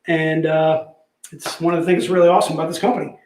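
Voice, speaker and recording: This time the host's voice is fairly high and a little mellow, with a level tone and a quick pace. He runs the laid-back office sales stream with plenty of jokes, frequent laughter and lots of "dude," his voice echoing around the room.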